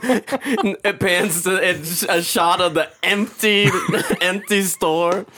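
A young man co-hosting a podcast in casual chat, backing up his friend's stories with jokes and quick agreement. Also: high-pitched, sharp tone, slight background noise. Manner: eggs his co-host on, chimes in with jokes and lots of agreement. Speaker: podcast co-host.

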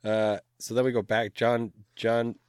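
A man's voice: medium pitch, little pitch movement, unhurried, clear, resonant tone, no echo, studio quality. A man co-hosting a podcast, recapping a movie in a laid-back, rambling way and laughing often. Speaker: podcast co-host. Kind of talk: casual movie recap chat.

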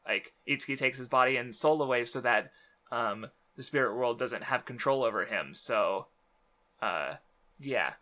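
A man's voice: mid-range voice, moderate pace, pushed and bright. A man casually discussing a manga series as a podcast co-host, rambling with many fillers and restarts.

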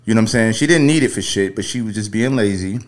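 A man's voice: lowish voice, fast. A man hosting a podcast, telling a story in a loose, rambling way full of profanity before taking a caller. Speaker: podcast host. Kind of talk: casual storytelling and call-in chat.

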